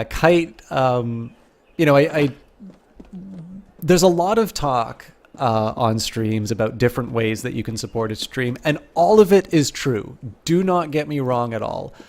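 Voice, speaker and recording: A man streaming live, chatting casually to his viewers, rambling and correcting himself, and talking faster when he gets excited. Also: mid-range voice.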